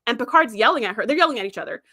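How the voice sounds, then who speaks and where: Bright, chatty woman livestreamer. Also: on the high side, very fast. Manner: animated, chatty, laughs often. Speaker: livestream host. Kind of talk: casual fan commentary.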